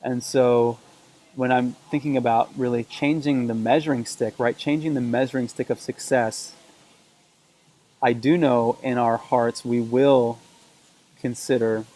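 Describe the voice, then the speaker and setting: A man talks earnestly to a camera set on a table, musing about what matters. His voice is dark and warm, and he keeps it level with little rise and fall. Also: medium pitch, low-quality recording. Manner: earnest and reflective, repeats phrases for emphasis. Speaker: vlogger. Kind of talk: reflective talk to camera. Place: indoors, camera propped on a table. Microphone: camera mic on a table.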